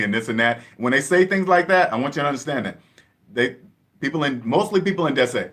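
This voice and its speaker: A man's voice: a little high, lively intonation, fairly quick, a bit bright. A man from the Seattle area giving an emphatic, repetitive money lecture in a casual vlog monologue. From Seattle area, USA. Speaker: personal finance vlogger.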